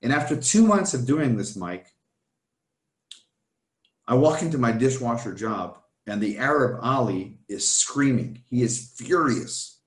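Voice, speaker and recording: A man tells his life story in an earnest, storytelling way. His voice sits at an ordinary middle pitch. The room around him is roomy and echoey. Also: animated, measured pace. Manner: earnest storytelling, often addressing the host by name. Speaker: guest. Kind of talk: telling a personal testimony.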